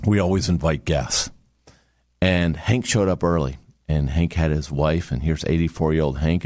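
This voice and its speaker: A man with a very low voice tells a personal story in a podcast setting. He builds to earnest, motivational urging. The recording is dry and close. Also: a little mellow, no room sound. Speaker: podcast host and communication trainer. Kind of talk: storytelling talk.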